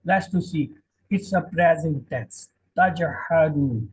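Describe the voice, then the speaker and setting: A man teaching a classroom Quran lesson, drilling each word slowly and repeating the meanings. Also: fairly high pitch, low-quality recording. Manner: slow, repetitive, drilling word by word.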